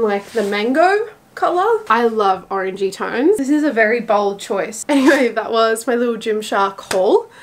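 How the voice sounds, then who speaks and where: A woman's voice: a little high, rough recording. A young woman talking to camera in a casual vlog, chatty and giggly, with lots of filler words. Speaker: vlogger.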